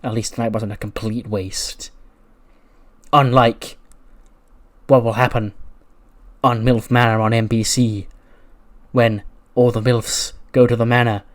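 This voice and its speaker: Guy doing a smooth flirty wrestler, smarmy and soft. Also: medium pitch, level tone, unhurried, pauses often, no echo, close to an everyday voice.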